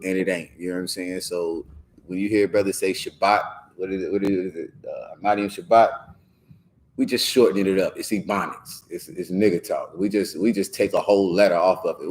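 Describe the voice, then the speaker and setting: A man with a low, deep voice leads a scripture class in loose street slang. He rambles from one point to the next and keeps checking in with "you know what I'm saying?" A faint hiss of background noise runs under the recording. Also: darkish tone. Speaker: teacher leading a scripture class. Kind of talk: casual talk in a religious class.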